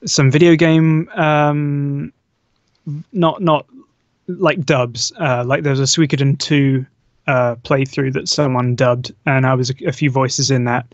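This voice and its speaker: A man, a voice actor, answering interview questions in a modest, hesitant way with many pauses. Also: medium pitch, steady tone, no echo, highs cut off. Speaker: voice actor guest. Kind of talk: casual online interview.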